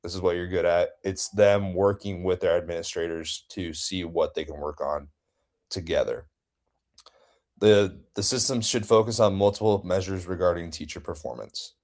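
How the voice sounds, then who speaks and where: Low-voiced guy reading his part of a class presentation, halting, restarts. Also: a little mellow. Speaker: student presenter.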